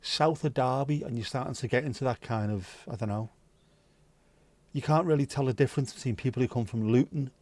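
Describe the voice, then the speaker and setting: Man, livestream host, casual rambling chat, swears freely, mid-pitched voice, dry close sound. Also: darkish tone, no room sound. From Wales.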